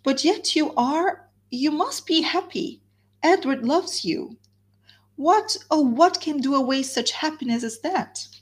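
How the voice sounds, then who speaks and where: A woman's voice: sits high, animated, slow pace, voice pushed up. A woman reading as a heartbroken young woman, pleading. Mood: despairing. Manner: anguished, pleading, repeating her words. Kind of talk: reading a novel aloud.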